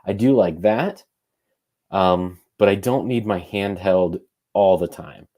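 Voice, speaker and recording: Man, very low pitch, mellow tone, relaxed podcast co-host who thinks out loud. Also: slow pace. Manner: thinks aloud, loose and conversational. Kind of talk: casual podcast chat.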